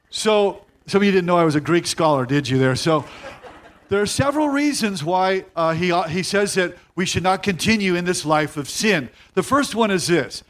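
A middle-aged male pastor with a fairly high voice preaches a sermon. He leans hard on key phrases, says them twice, and drags out single words for weight. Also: a bit bright. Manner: emphatic, repeats key phrases, slows to stress words.

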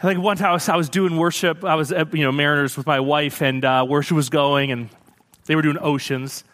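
Male youth speaker, high voice, chatty storytelling sermon, quick and loose. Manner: energetic, joking, fast and conversational with many fillers. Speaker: guest speaker, former youth pastor. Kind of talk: youth sermon with personal stories.

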